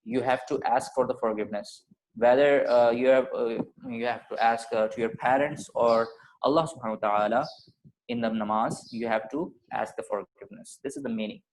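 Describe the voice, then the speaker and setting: A man's voice: mid-range voice, fairly even intonation, brisk, darkish tone, slight background noise, rough recording. Patient male teacher, many okays. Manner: patient, explaining with many fillers and repeated okays. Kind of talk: online class lesson.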